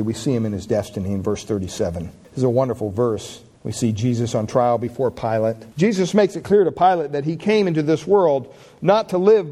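A man preaching a sermon with passion, reading scripture aloud and rising in pitch and volume on key lines. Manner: impassioned preaching, swells louder and higher on key lines.

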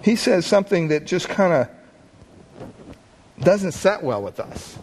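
A man's voice: sits high, very animated, measured pace, a little mellow, a little hiss or hum. A man preaching a sermon, talking in a conversational way and putting questions to the congregation. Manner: conversational, asks the listeners questions. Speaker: pastor.

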